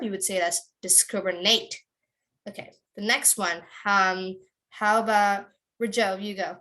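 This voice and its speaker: A woman teacher leading an online class, repeating each word slowly and calling on students by name to try it. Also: medium pitch, bright, forceful tone.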